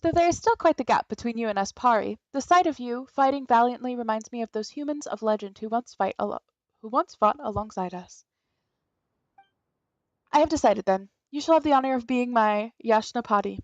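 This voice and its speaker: A proud, grandiose spirit guardian holds forth in pompous, theatrical formal speech, as a woman puts her on while playing a game. The voice sits fairly high. It is recorded dry, with a dull, lo-fi tone. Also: a little fast, a little mellow, dry recording, close to an everyday voice.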